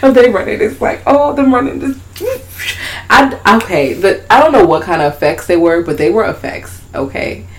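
A woman in casual podcast chat, recapping a movie in a profane, animated way. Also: moderate pace. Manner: profane, animated, slips into high-pitched character voices when retelling scenes.

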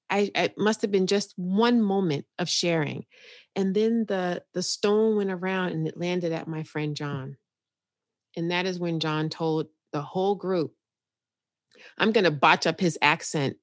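A woman from New York, a psychotherapist guest on a podcast, telling a personal story in an animated, candid way and laughing easily. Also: fairly low pitch, unhurried, dry recording, studio quality. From New York, United States.

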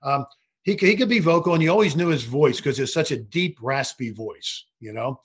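A man's voice: on the high side, fast, slightly rough. Older man telling referee stories. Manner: animated anecdotal storytelling with frequent restarts. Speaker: retired basketball referee. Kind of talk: storytelling interview.

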